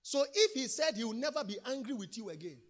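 Man, preacher, sermon, very high voice, lively intonation, emphatic, repeats phrases. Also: fast. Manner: emphatic, repeats phrases, swings from loud to soft.

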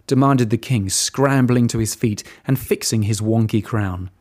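A man narrating a fairy tale in an expressive, scripted storybook reading. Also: mid-range voice, a little slow, few pauses.

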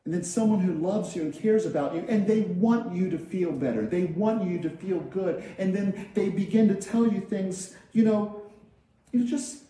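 A man's voice: high-pitched, normal speed, dark tone. A man giving a sermon as a minister, talking in a conversational way, repeating phrases and acting out everyday quotes. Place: large church hall. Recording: very echoey hall.

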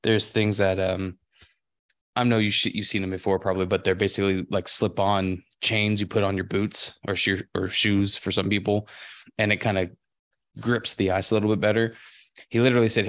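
A young man from California co-hosts a podcast, winding through long stories full of restarts and curse words. His voice is fairly low. The recording is dry and close. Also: little pitch movement, fairly quick, fairly bright tone, no room sound. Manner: rambling storyteller, heavy swearing. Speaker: podcast co-host. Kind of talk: casual podcast chat.

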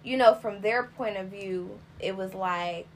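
A woman's voice: medium pitch, unhurried, a little hiss or hum. A young adult woman in casual podcast chat, speaking earnestly and reflectively in long explaining sentences.

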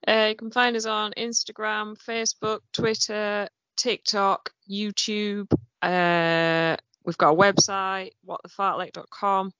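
A woman co-hosting a podcast, briskly listing where to find the show. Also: mid-range voice, little pitch movement, fairly bright tone, clear, resonant tone, no echo, highs cut off. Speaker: podcast co-host. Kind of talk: casual podcast chat.

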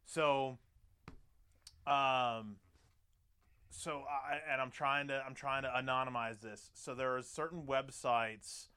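A man's voice: medium pitch, steady tone, slow, long pauses, pushed and bright, clean tone. A man in his fifties co-hosting a casual chat, laid-back, laughing often and swearing freely.

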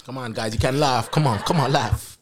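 A man's voice: medium pitch, a little fast. A man hosting a casual podcast chat, full of theatrical exclamations and jokes.

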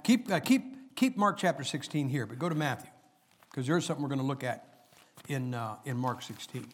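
A man's voice: mid-range voice, animated, moderate pace, a bit bright. A middle-aged man preaching a sermon, chatting with the congregation and reading scripture aloud with rising emphasis.

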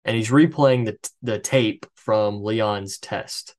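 A man with a lowish, darkish voice takes his time recapping a movie's plot from notes on his podcast. He keeps it loose, swearing and cracking jokes, and is recorded on a headset microphone.

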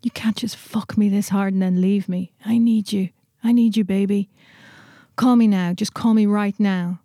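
A woman's voice: medium pitch, steady tone, moderate pace, dry recording, clean studio sound, natural voice. A woman voicing a drunk grown man who whispers, slurs and sobs as he begs into a phone. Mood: drunken pleading. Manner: slurred, tearful, hushed pleading. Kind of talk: voicemail read in a story.

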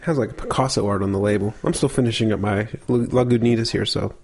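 A man co-hosting a casual beer tasting podcast, relaxed and explaining beer facts as he thinks aloud. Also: fairly low pitch, fast talker, gravelly, breathy edge. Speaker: podcast co-host.

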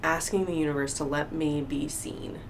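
A woman talking openly in a casual conversation, telling personal stories with lively acted-out quotes. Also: low voice, normal speed. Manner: open, animated storytelling with acted-out quotes. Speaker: guest. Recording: faint background noise.

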